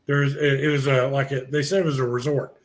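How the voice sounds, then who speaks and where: A man's voice: medium pitch, level tone, fairly quick. A middle-aged man, a guest on a barbecue podcast, telling long casual stories full of fillers and restarts. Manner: rambling anecdotes with many fillers and restarts. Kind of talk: casual storytelling chat.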